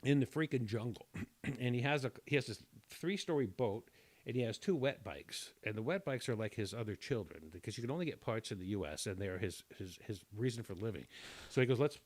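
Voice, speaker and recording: A man telling a long personal story in casual chat, rambling and self-deprecating, often clearing his throat. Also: medium pitch, expressive, a little fast, darkish tone, no room sound.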